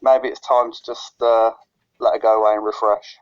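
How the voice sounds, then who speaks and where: A man's voice: fairly low pitch, flat delivery, moderate pace, clear, resonant tone. A man co-hosting a podcast in casual chat, often stuttering and restarting his phrases. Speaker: podcast co-host. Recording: lo-fi dull recording.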